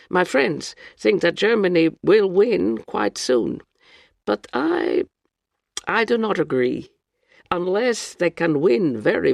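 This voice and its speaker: A reader voicing a worldly, grave Russian woman traveller who speaks in a calm, matter-of-fact way. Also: mid-range voice, vocal fry, dry recording, heavily acted.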